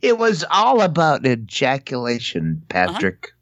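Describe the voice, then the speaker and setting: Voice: medium pitch, wildly swooping pitch, unhurried, no echo, dull audio. A podcast co-host reacting to a movie in casual chat, laughing often and drawing out reactions.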